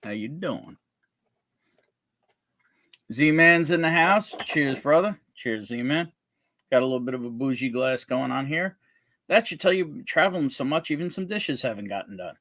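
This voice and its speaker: A man hosting a casual whiskey livestream, greeting viewers with jokey, upbeat shout-outs. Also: medium pitch, lively intonation, moderate pace, dry recording. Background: faint background music.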